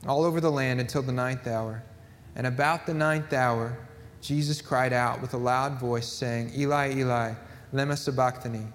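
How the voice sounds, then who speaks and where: A man's voice: mid-range voice, big-room sound. A man preaching a sermon, reading scripture aloud and driving his points home with emphatic repetition. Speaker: pastor.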